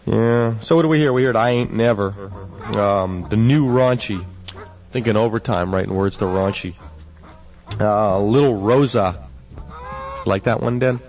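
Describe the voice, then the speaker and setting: A man's voice: fairly low pitch, a little slow, pauses often, a little mellow. A man hosting a radio show, chatting casually and reading odd news items with a wry, offhand manner, on a dull lo-fi broadcast. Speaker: radio DJ host.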